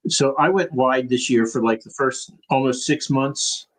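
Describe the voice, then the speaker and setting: Relaxed man co-hosting a podcast. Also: medium pitch, measured pace, rough recording. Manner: relaxed storytelling, laughs at himself. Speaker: podcast co-host. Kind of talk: casual chat.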